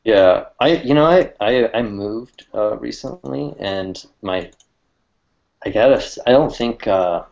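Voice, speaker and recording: A man with a fairly low voice talks in a loose, rambling way, often stopping to restart his sentences. He laughs easily between thoughts. The audio sounds dull and lo-fi, like an online call. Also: unhurried, gravelly, a little mellow. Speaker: cartoonist co-host. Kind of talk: casual chat.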